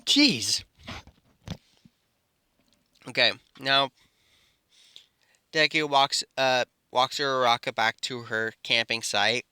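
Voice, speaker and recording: Bright, crisp-voiced man telling a story. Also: mid-range voice, fairly even intonation, slow pace, long pauses, no echo. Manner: rambling, with fillers and self-corrections. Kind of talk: improvised fan-story narration.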